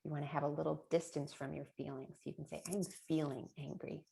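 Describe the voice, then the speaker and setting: A middle-aged woman talks parents through tips in a casual webinar. Her voice sits low with a gravelly fry, and she keeps checking in with a chatty "right?". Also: flat delivery, fast. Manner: chatty, warm with laughs and rhetorical "right?". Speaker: early childhood presenter.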